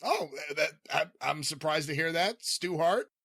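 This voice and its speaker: Teasing high-pitched male host. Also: animated, measured pace, creaky, bright, forceful tone, dry recording. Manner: dry, teasing, often laughing. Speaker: podcast host. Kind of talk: comedy podcast chat.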